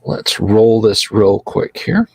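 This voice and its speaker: Bedächtiger Spielleiter, trockener Klang. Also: male voice, fairly low pitch, sing-song, gravelly, breathy edge, dry recording, poor audio. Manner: unhurried, halting scene description. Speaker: game master. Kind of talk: narrating a tabletop game livestream.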